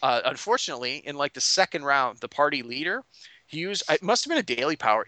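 A man recapping his tabletop campaign in a loose, rambling chat. His voice is bright, crisp and forceful. He is recorded close on a dry mic, with no room echo. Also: a little high. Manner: rambling, many restarts and fillers. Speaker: game master. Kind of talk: casual podcast recap.

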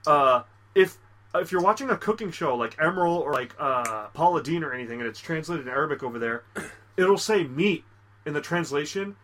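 A man co-hosting a casual podcast, rattling off a crude, rambling anecdote at a quick clip. His voice sits a little high and sounds bright and forceful, and his story is full of fillers and restarts. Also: expressive. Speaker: podcast co-host. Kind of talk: casual chat.

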